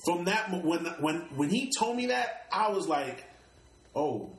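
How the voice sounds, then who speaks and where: A man's voice: high voice, big pitch swings, unhurried, creaky, roomy sound, low-quality recording. A middle-aged man from Brooklyn with a New York accent, telling stories in an interview in a casual, streetwise way, often repeating and restarting words and swearing freely. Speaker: rapper interview guest.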